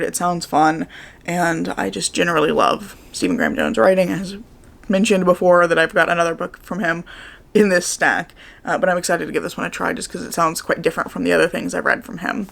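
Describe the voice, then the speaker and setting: A woman with a slightly hoarse morning voice, chatting casually and upbeat about the books she got in a haul, rambling with fillers. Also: on the low side, fast, fairly bright tone. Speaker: book vlogger. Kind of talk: casual book haul chat.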